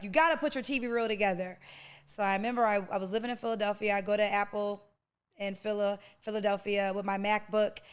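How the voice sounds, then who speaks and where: A podcast host in her forties, with a clean mid-range voice, delivers an emotional personal testimony in a preacher-like style, calling the listener "honey" and "baby."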